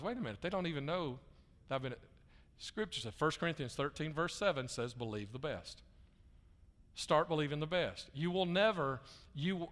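Animated pastor in a hall. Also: male voice, medium pitch. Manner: folksy, animated preaching with repetitions. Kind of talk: sermon. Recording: echoey church hall.

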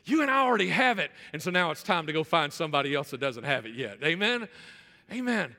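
A male pastor preaching a sermon in church, repeating phrases for emphasis and restarting his sentences quickly. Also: a little high, very animated, sharp tone, big-room sound. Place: church sanctuary.

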